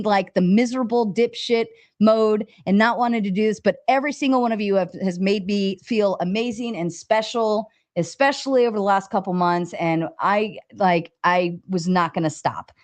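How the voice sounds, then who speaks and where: Excitable swearing woman livestreamer. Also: moderate pace, few pauses. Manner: excited, swears freely, pitch jumps when reading chat. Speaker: livestream host. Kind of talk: casual livestream talk, reading chat aloud.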